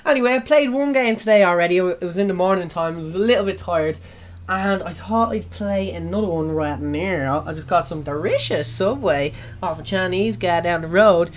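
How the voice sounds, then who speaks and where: A young woman giving jokey, excitable let's play commentary, breaking into sudden loud yelps. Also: lowish voice, normal speed. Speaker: gaming channel host.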